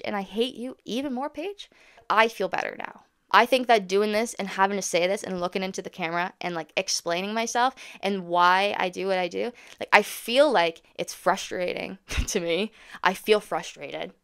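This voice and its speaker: A woman vlogging candidly to camera. She talks fast, rambles and swears frankly. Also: mid-range voice, creaky, a bit bright, clear, resonant tone, no room sound, clean studio sound. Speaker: autism content creator.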